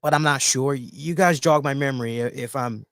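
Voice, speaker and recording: A man hosting a solo wrestling review, talking in an animated, emphatic way and repeating words for emphasis. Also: medium pitch, moderate pace, no room sound, studio quality. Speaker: wrestling show reviewer, host.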